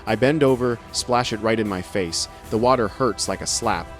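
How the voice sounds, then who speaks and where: A man with a low voice tells a scripted first-person story, with a dry, sardonic wit running through every line. Soft music plays quietly underneath him. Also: moderate pace. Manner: wry, sardonic humor. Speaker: narrator.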